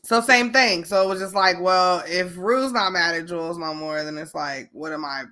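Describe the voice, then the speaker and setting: A woman with a Chicago accent, co-hosting a casual TV recap chat, talking in an animated and profane way and laughing often. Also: lowish voice, moderate pace. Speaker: podcast co-host.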